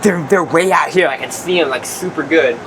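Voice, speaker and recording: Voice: mid-range voice, a little fast. A vlogger casually explaining equipment and working out numbers aloud. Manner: musing, works out numbers aloud. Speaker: vlogger showing farm equipment. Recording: loud engine and air noise.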